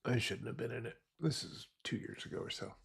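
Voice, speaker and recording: A man with a mid-range, fairly quick voice that's creaky and fairly bright, with a breathy edge, streams himself trading futures. He rambles casually about trading psychology, using lots of fillers.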